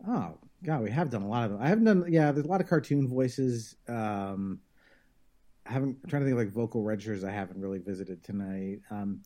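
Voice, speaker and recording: A man's voice: fairly low pitch, fairly quick, warm tone. A man chatting on a podcast in a thoughtful, explanatory way. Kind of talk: casual podcast chat.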